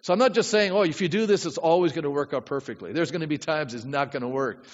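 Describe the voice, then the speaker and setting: A man's voice: fairly high pitch, fast, in a large hall, dull audio. A man pastor preaching a sermon in a conversational way, often asking the congregation questions.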